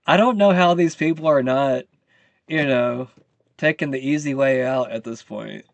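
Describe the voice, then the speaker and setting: A man's voice: mid-range voice, moderate pace, gravelly, dry recording, muffled recording. A man hosting his own channel, venting about the news in a heated, profane rant. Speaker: channel host. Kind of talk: live commentary rant.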